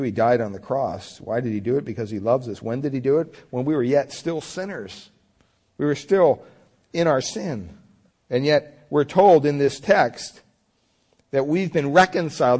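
A man preaching a sermon in an earnest way, rising for emphasis and dropping low for asides. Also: a little mellow. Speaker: pastor.

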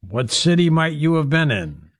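A man's voice: a little high, sing-song, normal speed, no echo, studio quality. A man hosting a talk radio show, quizzing a mystery guest in a playful guessing game.

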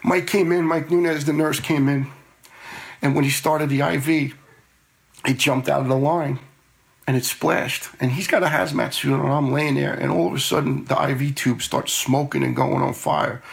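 A man's voice: on the high side, fairly even intonation, normal speed, vocal fry. A middle-aged man telling a personal story in a plain-spoken, earnest way, often repeating words as he goes.

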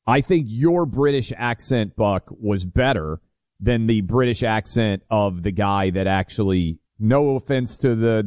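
Talk radio host, chatty and loose, taking calls, dry studio sound. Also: male voice, on the low side, darkish tone, no echo. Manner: chatty, with frequent restarts.

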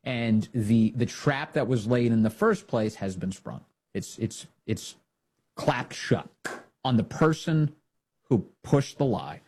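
A man hosting a political commentary show, mocking a news report in a sarcastic, animated way. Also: mid-range voice, slow.

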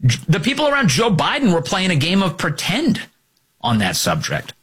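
A man's voice: sits high, wildly swooping pitch, moderate pace, a bit bright, husky. A man hosting a political talk radio show, combative and sarcastic, mocking opponents in put-on voices. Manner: sarcastic, combative, swings between mocking voices and emphatic outbursts.

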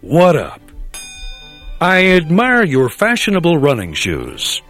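A man's voice: a little high, wildly swooping pitch, takes it slowly, fairly bright tone, soft background music, exaggerated voice. A man playing a stiff, overly polite young man in a parody commercial.

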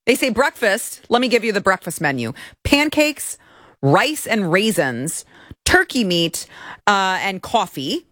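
A woman's voice: mid-range voice, very animated, a little slow, a bit bright, no room sound, clean studio sound. A woman hosting an opinion show, talking with sarcasm and indignation, sometimes mocking people in put-on voices. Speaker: commentary show host. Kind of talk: opinionated political commentary.

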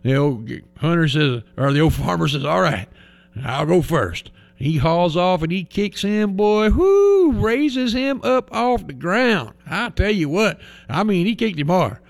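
High-voiced storytelling host. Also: male voice, animated, measured pace. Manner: chatty, exclamatory storyteller. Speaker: radio host. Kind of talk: folksy joke-telling.

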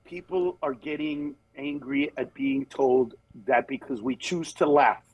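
A man, a comedian guest, telling stories in casual chat, animated and acting out other people in high voices, then turning earnest. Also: unhurried, slightly rough, no echo, low-quality recording. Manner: turns earnest and reflective. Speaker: comedian guest on a talk show.

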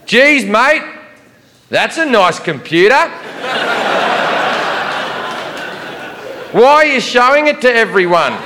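A man's voice: very high-pitched, lively intonation, normal speed, creaky, long reverb tail, noisy background, pitched above the performer's own voice, exaggerated voice. Comedian putting on a sarcastic Aussie security guy. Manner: politely sarcastic, easygoing. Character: sarcastic laid-back male Australian airport officer.

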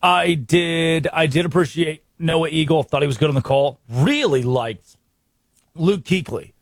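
An American man hosting a sports radio show, brisk and wry, full of rhetorical questions. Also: a little high, no room sound. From United States.

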